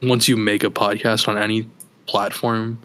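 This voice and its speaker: A man's voice: lowish voice, flat delivery, moderate pace, fairly bright tone, clean tone. A man co-hosting a casual film podcast, joking and trailing off mid-thought. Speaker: podcast co-host. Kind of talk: casual chat. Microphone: podcast microphone.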